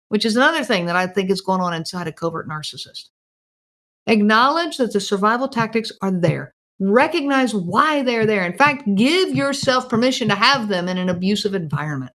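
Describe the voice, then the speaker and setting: A woman's voice: on the high side, fairly bright tone. A woman hosting a podcast, talking earnestly and directly to her listeners, asking them questions and often repeating phrases. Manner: direct, emphatic, asks listeners many questions. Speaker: podcast host.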